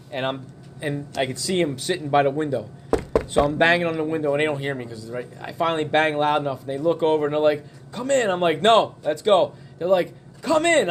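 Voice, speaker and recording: A middle-aged man spins a casual, swear-laden story at a bar, acting out every quoted line with gusto. His voice sits a little high for a man, with a faint hum of noise underneath. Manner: animated, profane, acts out quotes. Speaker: bar patron telling a story.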